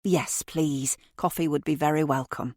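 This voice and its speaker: A calm female police detective explains things courteously and patiently, read by a woman in an audiobook. Her voice is low and measured. The sound is dry and close. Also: no echo.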